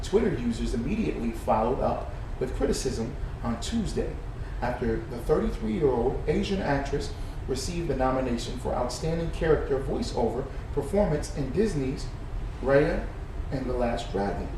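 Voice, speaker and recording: A man giving heated reaction commentary, shifting from muttered news reading to loud, profane ranting. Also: medium pitch, big pitch swings, normal speed. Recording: echoey room, distant mic, faint noise.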